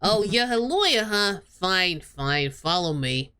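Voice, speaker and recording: A woman voicing a gruff, impatient male prison guard in a visual novel read-aloud. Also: lowish voice, animated, slow, sharp tone, soft background music, heavily acted. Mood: grumpy. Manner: curt, grumbling.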